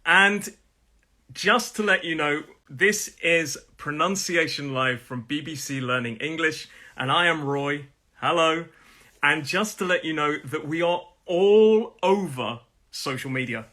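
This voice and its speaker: A middle-aged man teaching English pronunciation on a live stream, friendly and repeating each word slowly to show the stress. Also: fairly high pitch, pushed and bright.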